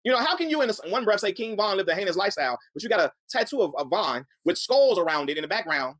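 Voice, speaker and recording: Fast-talking man, heated commentary. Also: high-pitched, sing-song, fairly bright tone, no room sound. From Chicago. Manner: heated, earnest, repeats words as he builds a point. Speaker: commentary channel host. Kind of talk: reaction commentary.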